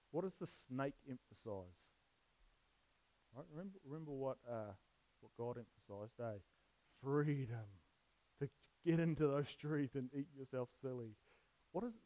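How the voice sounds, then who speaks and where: A man's voice: mid-range voice, expressive, normal speed, pauses often, warm tone, low-quality recording. A man preaching on a Bible passage in a casual, jokey way, often putting questions to his listeners. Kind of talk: casual sermon with questions to the audience.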